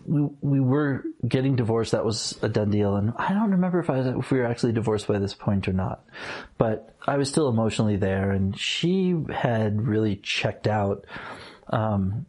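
A man with a husky voice telling a personal story in a casual chat, laughing often and getting animated when he quotes people. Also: on the low side, normal speed. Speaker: guest.

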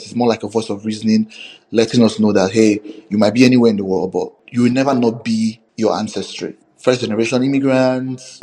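A man's voice: on the low side, dark tone, poor audio. Man talking loosely about his film. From Nigeria. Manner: rambling, many fillers and restarts. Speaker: filmmaker. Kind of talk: interview answers.

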